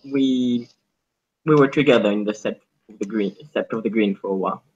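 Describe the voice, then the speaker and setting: A woman voicing an awkward, shy young man who talks in halting, hesitant bursts. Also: very deep voice, darkish tone, husky, voice pushed down. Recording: dull lo-fi sound.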